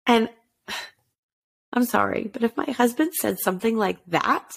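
A woman with a gravelly, creaky edge to her voice tells a story in a loose, chatty way. She jumps up and down in pitch to act out what people said, then drops back to her everyday voice. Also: a little slow. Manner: chatty, acts out quotes with shifts in pitch. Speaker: podcast host telling a true-crime story. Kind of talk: casual storytelling chat.

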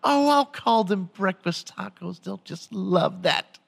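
A man putting on a high, cooing falsetto to play a prim, cutesy older woman who is pleased with herself. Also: lively intonation, takes it slowly, vocal fry, big-room sound, heavily acted.

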